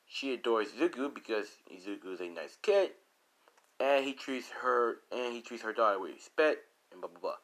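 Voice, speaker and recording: A man's voice: mid-range voice, normal speed, low-quality recording. A man spinning a fan story off the cuff, talking loosely with many fillers and asides. His voice swings animatedly up and down in mid-range. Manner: rambling, filler-heavy, animated. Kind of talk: casual improvised storytelling.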